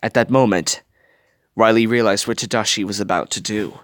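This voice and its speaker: A man reading a fan story aloud with dramatic, expressive narration. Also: fairly low pitch, moderate pace, no echo, clean studio sound. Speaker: reader.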